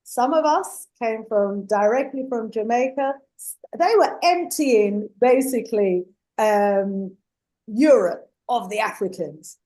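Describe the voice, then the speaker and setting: A woman hosting a live talk show who reads audience comments and speaks with earnest, measured emphasis, calling her guests "beloved". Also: fairly high pitch, warm tone. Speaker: host.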